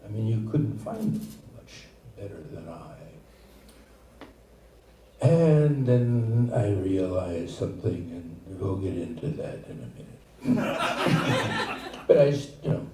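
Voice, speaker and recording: Older male stand-up, slow and rambling, restarts often; recorded far off in a roomy hall. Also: on the low side, sing-song, mellow. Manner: halting, rambling delivery with many restarts. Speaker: stand-up comedian. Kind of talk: stand-up set. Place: comedy theater stage, live audience. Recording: echoey room, far from mic, noisy.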